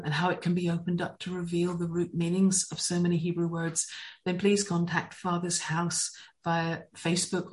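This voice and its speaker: Lady teaching hebrew words from the bible, real enthusiastic, bit low voice. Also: low-quality recording. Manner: enthusiastic, lively storytelling.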